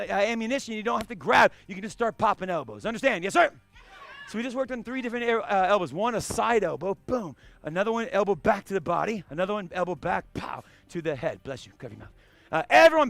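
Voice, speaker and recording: Gravelly man barking karate commands. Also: sits high, animated, fast talker, dry recording. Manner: barks short commands and counts, shouting kiais. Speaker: karate instructor. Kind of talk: live martial arts class instruction. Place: karate studio.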